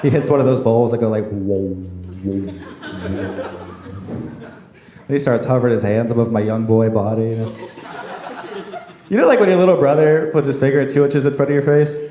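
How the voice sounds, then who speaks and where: A man's voice: mid-range voice, fast talker, mellow. A young man doing a stand-up set, telling awkward stories in a dry way. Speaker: stand-up comedian. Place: comedy club stage. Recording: roomy club sound with clear noise.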